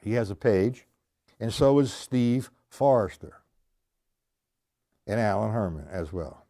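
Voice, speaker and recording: A man's voice: lowish voice, lively intonation, slow, dark tone. A man giving a live-streamed drum lesson, talking casually, repeating his points and checking in with his viewers. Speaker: drum teacher. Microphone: live stream camera mic.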